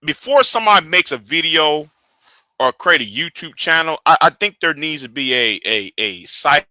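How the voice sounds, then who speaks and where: Guy ranting on his live stream, bright lively voice, slow, stumbles over his words. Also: a little high, no room sound. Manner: repeats and restarts words, argumentative.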